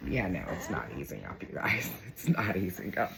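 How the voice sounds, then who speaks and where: A woman's voice: extremely low pitch, fairly quick, few pauses, fairly bright tone. Chatty woman vlogging in a noisy kitchen. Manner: chatty, playful, talks to her cat in a sing-song voice. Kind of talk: casual morning coffee vlog chat. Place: home kitchen. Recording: noisy home kitchen recording.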